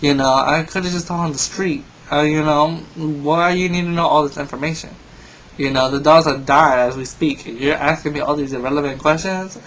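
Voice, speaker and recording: A man's voice: fairly high pitch, moderate pace, fairly bright tone, slight background noise, low-quality recording. A young man telling a story in a casual vlog, rambling and exasperated. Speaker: vlogger.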